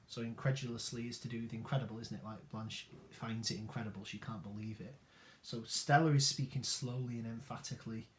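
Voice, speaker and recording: A man's voice: mid-range voice, darkish tone. A man, an English teacher, explaining a play in a recorded lesson, casual and full of ums and tag questions. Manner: informal, many ums and rhetorical tag questions.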